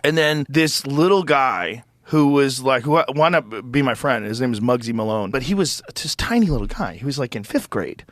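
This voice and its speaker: A man's voice: medium pitch, moderate pace, few pauses, no echo. Man telling a story in casual chat. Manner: animated storytelling, laughs often. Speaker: podcast host.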